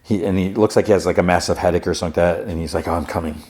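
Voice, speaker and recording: Deep-voiced man casually recapping a show. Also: steady tone, very fast, a little mellow. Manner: slips into raised-pitch voices for quoted characters; loose, rambling, restarts often. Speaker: podcast host recapping a TV episode. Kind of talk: casual recap with acted quotes.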